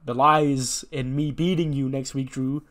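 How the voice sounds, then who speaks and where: A man's voice: medium pitch, steady tone, measured pace, a bit bright, close to an everyday voice. A man voicing a male wrestler who stammers, then answers a challenge defiantly.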